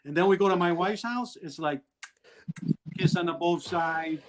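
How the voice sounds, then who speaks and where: A man's voice: on the high side, fairly quick, a little hiss or hum, rough recording. Blunt, rambling middle-aged man. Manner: rambling, blunt, laughs through his stories. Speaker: guest. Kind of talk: candid storytelling in an interview.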